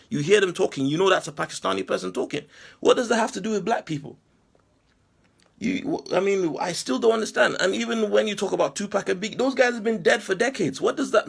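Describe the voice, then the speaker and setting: A man from England with a high, gravelly voice and a British accent delivers an impassioned monologue, responding to a critic as a commentator. He fires off rhetorical questions and repeats himself as he argues.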